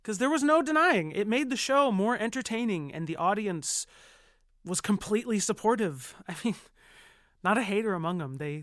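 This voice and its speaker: An actor playing a flustered, earnest showrunner who narrates an audio drama and stammers through restarts. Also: male voice, high voice, fairly bright tone, no room sound, clean studio sound. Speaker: TV show producer.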